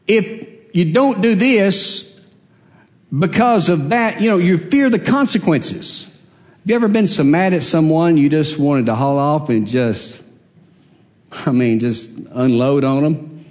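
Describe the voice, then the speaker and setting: Pastor guy telling a story, kinda higher voice, laughs at himself, echoey church. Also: darkish tone. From Alabama, USA. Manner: folksy, self-deprecating, laughs while telling stories. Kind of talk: conversational storytelling sermon.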